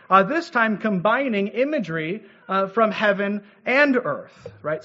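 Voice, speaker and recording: A male pastor delivers a teaching sermon in a fairly high voice. He speaks in a measured way, sprinkling in "uh" and rhetorical "right?" checks. The recording sounds dull and lo-fi. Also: bright, forceful tone. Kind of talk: expository sermon. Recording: dull lo-fi audio.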